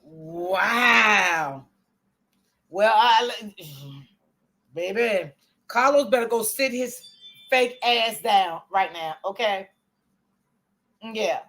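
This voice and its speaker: A woman's voice: a little high, slow pace, pauses often. A middle-aged woman hosting a live stream, reading the chat aloud and commenting bluntly, with plenty of cursing. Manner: blunt, profane, outspoken, talks to chat as y'all.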